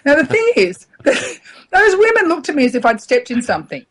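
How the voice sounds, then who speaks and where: Husky woman telling funny stories. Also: on the high side, moderate pace. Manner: animated, laughs often, frequent restarts. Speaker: radio personality and comedian, interviewee. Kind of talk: casual interview storytelling.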